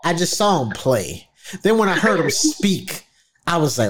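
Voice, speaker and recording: A man talking football in casual chat, animated and trash-talking with plenty of laughs. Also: on the high side, a little slow, crowd noise. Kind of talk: casual sports talk.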